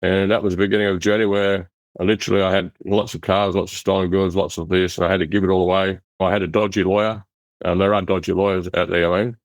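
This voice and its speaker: Aussie bloke rattling off a story quick, low-ish voice, rough and blunt, dry close sound. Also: male voice, no echo. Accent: Australian. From Western Australia. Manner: rough, blunt and animated, acts out the voices he quotes. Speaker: interview guest. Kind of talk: casual storytelling.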